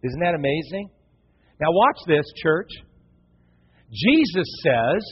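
A middle-aged man from Michigan preaching a sermon to his church, telling jokey, animated stories. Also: high-pitched, normal speed, breathy edge. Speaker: pastor. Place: church sanctuary. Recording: dull echoey hall sound.

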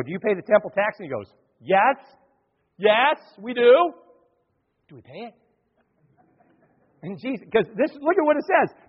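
A male pastor delivering an animated sermon, acting out the voices of the people in his stories. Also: sits high, slightly rough. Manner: animated preaching, acts out quoted voices. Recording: dull sound, long hall reverb.

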